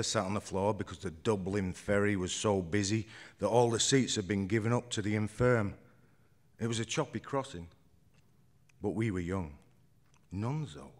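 A man reading his own first-person story aloud on stage at a live event, in a measured, understated way. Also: lowish voice, a bit bright.

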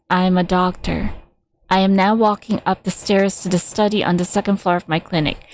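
A woman reading a game's story aloud at a measured pace, now and then stumbling or adding casual asides. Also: on the low side, fairly even intonation, dry recording, low-quality recording. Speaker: reader of game story.

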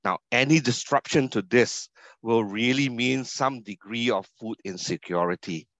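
A man's voice: medium pitch, normal speed, fairly bright tone, no echo. A man from Singapore with a Singaporean English accent, a university academic giving a keynote lecture over a video call, stressing key words and asking rhetorical questions. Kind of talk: online conference lecture. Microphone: video call computer mic. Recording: dull, dry video call audio.

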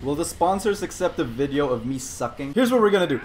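A young man giving excitable gameplay commentary, trash-talking opponents and breaking into frequent shouts. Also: fairly high pitch, fast talker. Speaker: gaming video host.

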